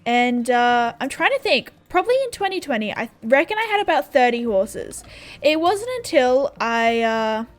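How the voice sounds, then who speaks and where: A young woman with an Australian accent rambles casually over her gameplay, her voice sitting a touch high. She is sarcastic and chatty and laughs easily, with soft music playing faintly behind her. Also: sing-song, moderate pace. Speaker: gaming YouTuber. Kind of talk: casual chat while playing a game. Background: faint background music.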